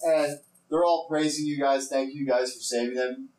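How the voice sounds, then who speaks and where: A man's voice: medium pitch, steady tone, normal speed, a little mellow, echoey room, low-quality recording. A man narrating as game master of a tabletop game, rambling with many fillers.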